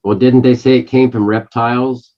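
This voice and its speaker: A hoarse middle-aged man co-hosting a casual chat, halting often with fillers. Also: medium pitch, little pitch movement. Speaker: co-host. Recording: muffled lo-fi audio.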